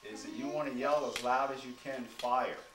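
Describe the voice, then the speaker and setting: A firefighter teaches preschoolers about fire safety in an echoey classroom, his medium-pitched voice brisk and fairly even in intonation. Patient, he asks the kids lots of simple questions. The recording is noisy and distant, with a crowd in the background.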